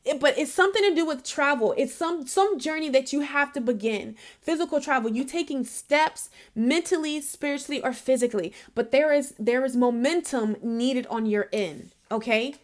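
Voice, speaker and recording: A woman's voice: high-pitched, moderate pace, few pauses. A woman giving a casual spiritual reading to her viewers. She is chatty and emphatic, laughs often, and speaks straight to the listener to encourage them. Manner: encouraging, addresses the listener directly. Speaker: intuitive reader.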